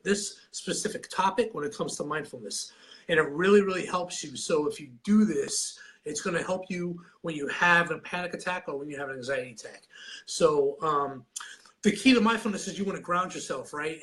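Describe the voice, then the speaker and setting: A man's voice: fairly high pitch, bright, forceful tone. A man fighting a cold, a little nasal, coaching on anxiety in a live video and talking in a rambling, repetitive way with many restarts. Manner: rambling, repeats and restarts a lot; demonstrates breathing while talking.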